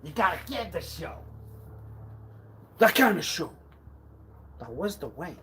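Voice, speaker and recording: High-voiced man rambling slowly on a livestream. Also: sing-song, a little hiss or hum. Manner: erratic, repetitive, with sudden swings in loudness. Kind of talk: rambling live stream monologue.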